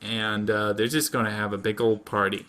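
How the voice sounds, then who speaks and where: Fairly low and fairly flat in pitch, a slightly bright-voiced man talks at a moderate pace while co-hosting a podcast, giving a rambling, jokey recap of a show with goofy put-on voices. Slight background noise is audible.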